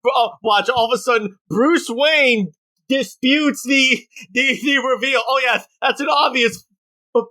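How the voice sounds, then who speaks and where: A co-host of a casual comic book podcast, talking fast, laughing often and stumbling over words. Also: sits high, bright, forceful tone.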